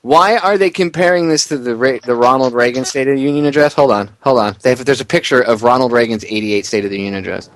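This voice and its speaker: A man's voice: mid-range voice, fast, hardly any pauses. A male radio host giving sarcastic, mocking play-by-play commentary into a studio mic. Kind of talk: casual live commentary.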